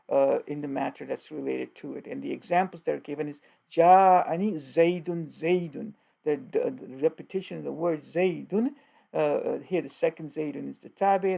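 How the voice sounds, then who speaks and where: A man giving an informal Arabic grammar lesson, speaking haltingly with many fillers and patiently repeating and translating each example. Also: fairly high pitch, vocal fry, warm tone.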